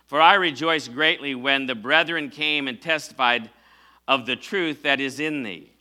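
A man's voice: mid-range voice, a little slow, bright, forceful tone. A middle-aged man preaching a sermon as pastor, speaking conversationally with fillers and self-corrections and calling on the congregation to answer. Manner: preaching with call-and-response to the congregation.

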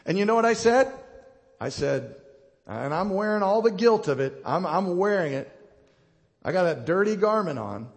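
A middle-aged male pastor preaching with fervor, his voice sitting a little high for a man and carrying a gravelly edge. He swings between ringing proclamations and quiet, hushed passages. The sound rings out across a church sanctuary with a long reverb tail. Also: very animated, moderate pace. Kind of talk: sermon.

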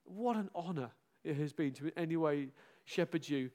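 In his farewell to the church, a middle-aged pastor jokes at his own expense with plenty of energy, loud exclamations, and laughter. He speaks at a normal speed in a fairly high pitch.

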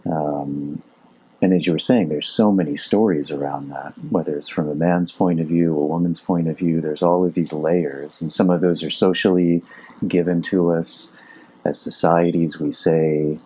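A man hosting a podcast, musing thoughtfully and feeling his way through his words in casual conversation. His voice is low, dark and a little husky. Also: steady tone, moderate pace. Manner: thoughtful, searching for words with fillers. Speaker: podcast host.

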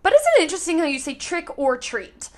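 A young woman in casual chat, talking in an animated, rambling way with lots of "like". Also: high-pitched, fast talker. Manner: animated, rambling storytelling with frequent "like".

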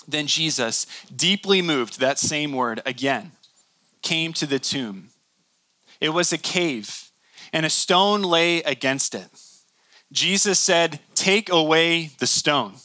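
Bright-voiced pastor preaching a sermon. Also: male voice, fairly high pitch, no room sound. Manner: earnest, builds with rhetorical questions, drops soft on key lines.

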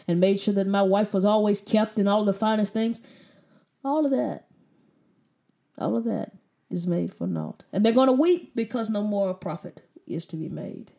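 A woman's voice: mid-range voice, dark tone. A woman preaching a sermon with emphatic repetition and pointed rhetorical questions.

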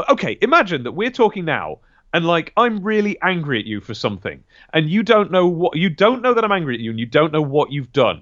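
A man co-hosting a podcast in casual chat, animated and rambling, often correcting himself and laughing. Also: a little high, no room sound, muffled recording. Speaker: podcast co-host.

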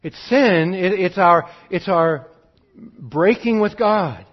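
Earnest higher-voiced man preaching. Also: animated, slow pace, dull audio. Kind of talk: sermon.

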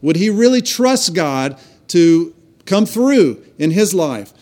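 A pastor preaching in earnest, his voice sitting a little high for a man. He tells his story with frequent restarts, circling back over his words as he goes. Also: very animated, slow pace, darkish tone. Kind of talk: sermon.

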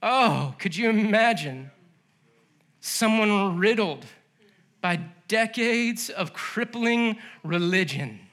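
A male pastor preaching a sermon, animated and laughing as he acts out the story's voices. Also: sits high, slow pace. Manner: laughs between lines.

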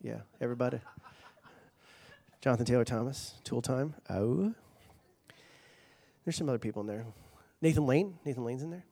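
A man's voice: mid-range voice, darkish tone. A man preaching a sermon, casual and joking with the congregation before building to fervent emphasis. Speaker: pastor.

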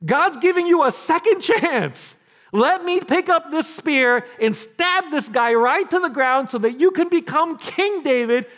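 A man's voice: very high-pitched, expressive, measured pace, fairly bright tone, voice pushed up, exaggerated voice. A pastor voicing an eager young soldier who insistently urges his leader to strike, in a raised and pleading voice. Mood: urging. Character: eager pushy young male soldier urging a kill.

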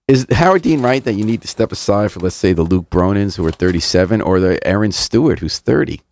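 An older man hosting a radio interview, asking pointed questions in rapid succession. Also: on the low side, lively intonation, darkish tone. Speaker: radio host. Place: radio studio.

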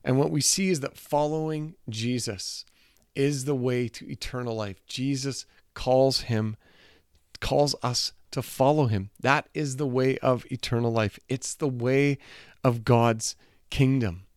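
A man's voice: mid-range voice, steady tone, measured pace, clear, resonant tone, no echo, clean studio sound. A man preaching a sermon, retelling a scripture passage in an earnest way and repeating his phrases for emphasis.

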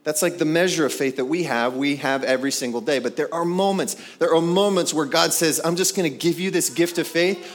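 A man with a somewhat high voice delivers a sermon in a lively, conversational way. He slips into playful character voices to act out scenes from scripture. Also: a little fast, hardly any pauses. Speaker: pastor.

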